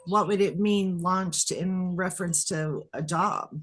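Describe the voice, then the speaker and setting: Husky woman, quiet and brief. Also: lowish voice, takes it slowly. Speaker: sitter receiving a reading.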